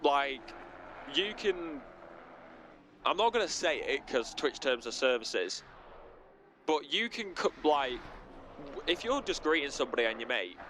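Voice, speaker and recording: A man's voice: on the high side, unhurried, pauses often, a little hiss or hum. A man with a Northern English accent doing casual sim racing co-commentary, chatty and joking. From Northern England. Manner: chatty, joking, lively banter.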